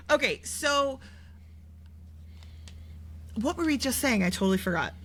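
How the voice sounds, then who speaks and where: A woman's voice: sits high, fairly bright tone. A woman co-hosting a podcast, chatting casually about a TV show in a rambling way with lots of fillers and restarts. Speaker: podcast co-host. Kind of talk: casual TV recap chat.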